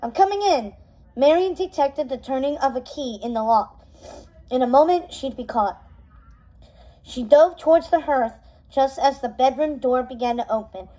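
A woman reading a novel aloud in an expressive, softly dramatic way. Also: high-pitched, normal speed, poor audio. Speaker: storybook reader.

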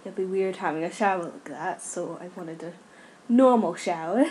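A woman's voice: fairly low pitch, expressive, moderate pace, dark tone, a little hiss or hum. A young woman commenting on a life-sim game, scolding her characters in exasperation. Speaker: gaming YouTuber. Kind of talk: casual Let's Play commentary.

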